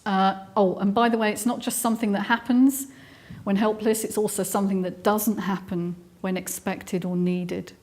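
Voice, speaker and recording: A woman's voice: mid-range voice, flat delivery, moderate pace, a little mellow. A middle-aged woman with an English accent giving a live talk to an audience, earnest and explanatory, with frequent ums and restarts. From England. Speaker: speaker giving a talk on trauma.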